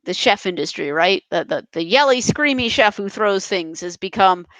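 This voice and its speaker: A woman's voice: mid-range voice, animated, moderate pace, a bit bright, dry recording, poor audio. A young adult woman speaking passionately and emphatically as a podcast guest, with frequent restarts. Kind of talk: casual interview chat.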